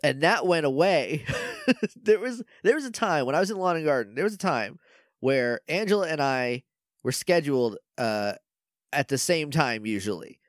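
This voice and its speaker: A man co-hosting a podcast, talking in a lively, bouncy voice that sits a little high. He chats casually, laughs often and leans on fillers. The sound is close and dry. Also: moderate pace, dry recording. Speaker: podcast co-host. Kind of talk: casual chat recapping a TV episode.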